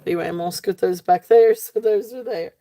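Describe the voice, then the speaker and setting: Hosting a casual live jewelry sale, a woman with a mellow, medium-pitched voice talks briskly. Her live-stream sales chat is chatty and full of laughter, with lots of fillers and restarts.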